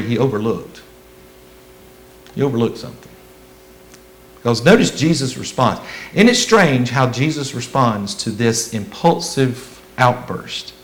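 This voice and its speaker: A man preaching a sermon as a pastor, in a folksy, conversational way that swings between loud emphasis and hushed asides. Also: medium pitch, poor audio.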